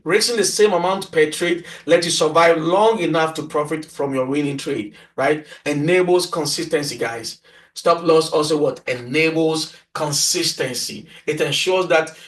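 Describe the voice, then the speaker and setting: A man teaching a beginner trading lesson, who repeats his points and keeps prompting listeners with "right?" and "what?". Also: a little high. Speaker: trading instructor. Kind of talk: screen-share tutorial lecture. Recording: echoey room, voice distant from mic.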